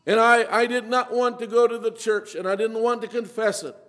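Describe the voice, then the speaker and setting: High-voiced man preaching in a reverberant hall. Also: fairly even intonation, brisk, fairly bright tone. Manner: emotional, rising to urgent pleading. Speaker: preacher giving testimony. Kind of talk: sermon testimony.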